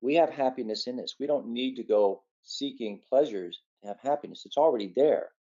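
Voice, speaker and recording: A man's voice: mid-range voice, a little fast, dark tone, lo-fi sound. A man giving an earnest, conversational talk on meditation and the ego, coming across as a physician teaching. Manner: earnest, conversational, tells a folksy story.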